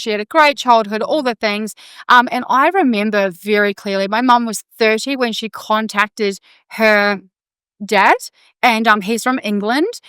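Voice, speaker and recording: A woman's voice: a little high, pushed and bright, clean tone, dry recording. A woman, co-hosting a casual podcast and telling a moving family story with quoted dialogue. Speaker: podcast co-host.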